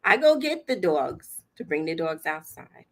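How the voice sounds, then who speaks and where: A livestream host chats her way through a story, laughing a lot and performing other people's lines. She has a deep, slightly bright voice and is very animated, though unhurried.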